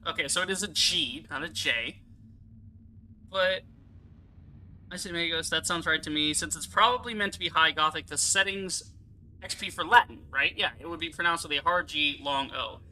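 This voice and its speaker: Excitable young American man, very bright voice. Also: fairly high pitch, rough recording. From United States. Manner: excitable, rambling, swears casually. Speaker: let's play YouTuber. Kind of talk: casual gameplay commentary.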